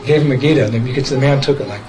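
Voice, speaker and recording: A man's voice: mid-range voice, very fast, a crowd in the background, poor audio. Man chuckling through a story. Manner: chuckles often while telling, quotes others directly. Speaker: devotee recounting a memory. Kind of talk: casual storytelling talk.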